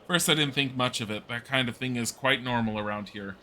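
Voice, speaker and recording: Upset townswoman giving testimony, a streamer reading her out, bright and forceful. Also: medium pitch, brisk, slight background noise, lightly acted. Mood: distressed. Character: upset middle-aged townswoman witness.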